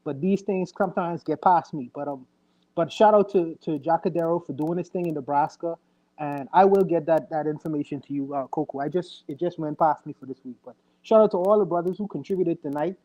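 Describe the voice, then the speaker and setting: A man's voice: on the high side, fairly quick, mellow, lo-fi sound. Rambling, earnest man on a podcast. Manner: rambling, self-correcting, earnest. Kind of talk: casual livestream chat.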